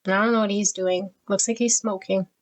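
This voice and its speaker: A woman's voice: medium pitch, fairly even intonation, a little fast, low-quality recording. A middle-aged woman reading tarot, gushing over each card and getting emotional as she flips through a deck. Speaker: tarot reader.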